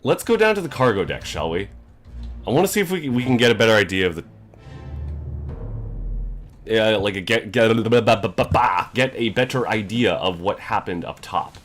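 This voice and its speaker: A young male streamer talks through a puzzle game, thinking aloud and muttering to himself. His voice sits on the lower side but moves through a lively, wide range. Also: normal speed, pauses often, faint music behind. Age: young adult. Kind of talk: casual gameplay commentary.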